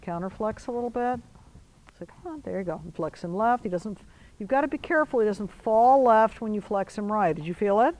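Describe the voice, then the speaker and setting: A woman riding instructor coaching a rider in an arena, giving brisk commands mixed with encouragement. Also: mid-range voice, animated, darkish tone, rough recording.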